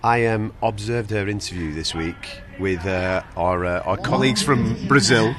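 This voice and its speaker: A man hosting a live weigh-in show, chatty and jokey with quick asides. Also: on the low side, over a noisy crowd. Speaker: host. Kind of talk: casual fight commentary.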